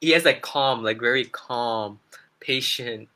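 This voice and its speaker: A man co-hosting a casual gaming chat, talking with excitable fan enthusiasm. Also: medium pitch, unhurried. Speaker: gaming channel co-host.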